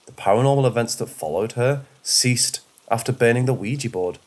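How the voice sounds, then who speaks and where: A man narrates spooky stories in a mid-range voice. His reading is steady and measured. It sounds like scripted horror narration. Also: mid-range voice.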